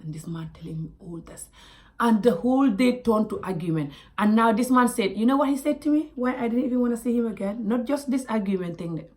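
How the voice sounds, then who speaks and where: Woman from africa telling a story to her camera, lively, drops into whispers. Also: on the high side, fast, hardly any pauses. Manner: animated, dropping to asides and whispers. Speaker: vlogger.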